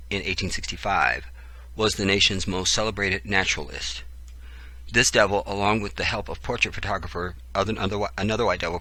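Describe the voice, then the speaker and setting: A channel host with a low, pushed, bright voice reads a book aloud. Between passages he breaks off into profane, preachy commentary.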